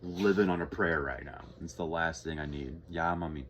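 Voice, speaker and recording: A man's voice: a bass voice, normal speed, a little hiss or hum. A young man from Texas talking casually in a vlog, rambling, swearing freely and sighing often. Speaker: vlogger.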